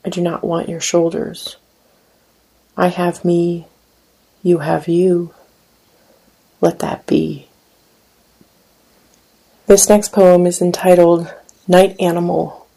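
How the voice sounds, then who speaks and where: A woman giving a deliberate poetry reading, letting some line endings fall to a near whisper. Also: fairly low pitch, vocal fry, dark tone, rough recording. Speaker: poet.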